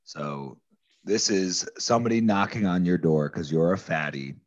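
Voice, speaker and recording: A man's voice: deep voice, expressive, normal speed. A man co-hosting a comedy podcast, talking casually and agreeably. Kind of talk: casual chat. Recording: dull lo-fi audio.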